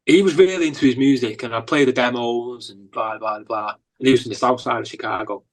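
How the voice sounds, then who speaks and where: Northern English male musician, casual rambling storyteller, middle pitch, filler-heavy delivery. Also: a little fast, poor audio. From England. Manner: rambling, animated anecdotes with lots of fillers. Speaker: musician guest.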